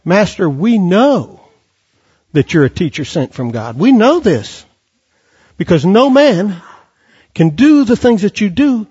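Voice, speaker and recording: A man's voice: high voice, darkish tone, husky. A man preaching a sermon with passion, quoting scripture and firing off rhetorical questions. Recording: dull lo-fi recording.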